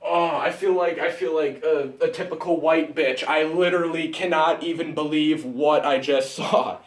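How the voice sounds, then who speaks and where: A young man ranting about a movie he just saw, breathless and exasperated, swinging between mutters and shouts, recorded on a phone. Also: on the high side, fairly even intonation, normal speed, far from the mic. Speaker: vlogger. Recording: roomy phone recording from off-mic.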